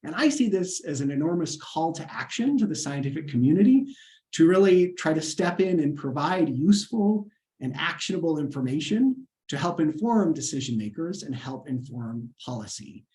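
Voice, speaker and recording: A man's voice: fairly high pitch, animated, normal speed, dark tone. A man, a scientist, giving an earnest lecture over a video call webinar and answering questions, with frequent fillers and restarts.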